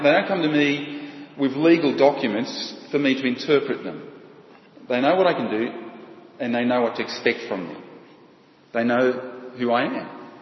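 A man preaching a sermon, halting and often repeating words as he restarts. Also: mid-range voice. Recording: dull, echoey hall with long reverb.

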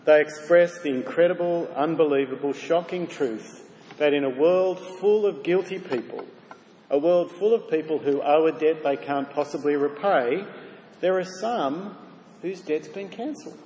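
Here the preacher's fairly high, slightly mellow voice moves at normal speed as he earnestly puts rhetorical questions to his listeners. A little hiss or hum joins the faint ambience of the reverberant hall.

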